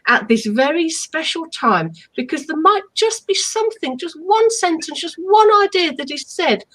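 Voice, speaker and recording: Lady on a video call, high voice that swoops up and down, really emphatic and upbeat. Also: normal speed, poor audio. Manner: emphatic, affirming, animated delivery. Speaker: co-host of a live stream. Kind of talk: live stream chat on self-help.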